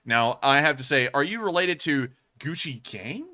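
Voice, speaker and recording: A man's voice: fairly high pitch, lively intonation, moderate pace, bright, forceful tone. A man hosting a casual livestream, rambling and laughing often, thanking viewers with stock phrases. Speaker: livestream host.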